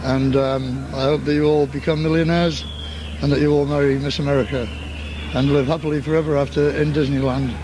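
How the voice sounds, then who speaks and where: A man, a rock musician, trading dry gravelly jokes in archive interview clips. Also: medium pitch, flat delivery, brisk, background noise. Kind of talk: joking archive interview bits.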